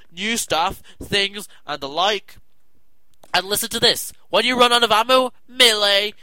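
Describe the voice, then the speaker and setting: A young man chatting casually about video games, excitable and rambling with lots of fillers. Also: sits high, poor audio. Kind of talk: casual rambling game chat.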